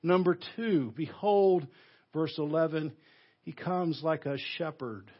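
Pastor, man, Southern US accent, husky and a bit high, emphatic sermon delivery, dull lo-fi church recording. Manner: emphatic preaching, swinging between loud stresses and hushed, slow phrases. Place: church sanctuary.

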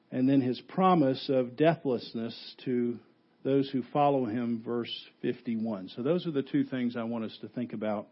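A man preaching a sermon as pastor, animated and full of rhetorical questions, swinging from loud to hushed. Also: mid-range voice, muffled recording.

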